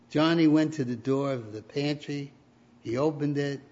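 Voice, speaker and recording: A man's voice: fairly high pitch, normal speed, darkish tone. A man preaching a sermon, telling stories and rising to emphatic peaks. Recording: dull lo-fi recording.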